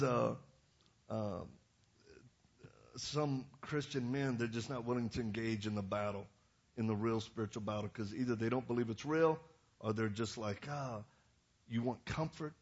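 A middle-aged man delivers a storytelling sermon, blunt and animated. He keeps turning to the audience with quick asides. His voice sits in a plain middle pitch, and the recording sounds dull and muffled. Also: gravelly, slightly rough. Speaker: pastor.

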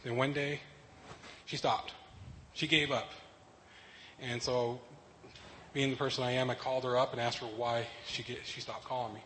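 A man tells his testimony to the congregation in a voice of middling pitch. He speaks earnestly, pausing and restarting. A faint room hum sits behind him. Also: level tone, fairly bright tone, rough recording. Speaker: church member sharing testimony. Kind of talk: personal testimony.

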